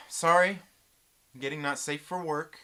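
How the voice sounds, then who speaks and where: Speaking slowly in a clear, resonant mid-range voice, this YouTube pop-culture reviewer delivers a joking, swearing rant of a review, peppered with "dude" and "bro" and full of animated energy.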